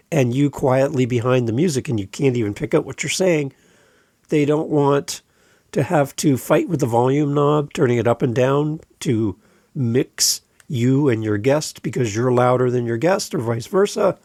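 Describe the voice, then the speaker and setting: Gravelly, emphatic podcast coach. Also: male voice, medium pitch, darkish tone, dry recording. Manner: direct and emphatic, repeats key points. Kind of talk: podcast advice talk. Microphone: close studio microphone.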